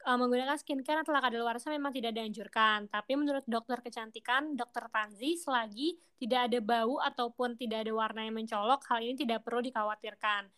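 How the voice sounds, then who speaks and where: A young woman radio host talks quickly in a chatty, slangy and eager way, moving between reading news items and easy banter. Her voice sits a little higher than most women's. She sounds at home in a radio studio. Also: fairly bright tone, smooth.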